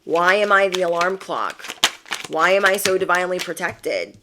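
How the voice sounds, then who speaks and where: A woman's voice: fairly low pitch, animated, moderate pace, noisy background. A young adult woman giving a casual, encouraging tarot reading to camera, emphatic and repeating phrases. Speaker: tarot reader.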